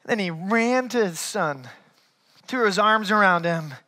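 A man preaching a sermon as pastor, conversational and animated, swinging between loud and hushed, and often calling listeners "man". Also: high-pitched, unhurried.

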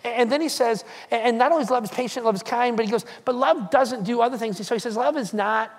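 A pastor preaching a sermon, telling the story behind a scripture passage in an animated, casual way, acting out what the writer says and adding jokey asides to the congregation. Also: medium pitch, fast talker. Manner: animated, acts out quoted lines in a casual storytelling way. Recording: long reverb of a large hall.

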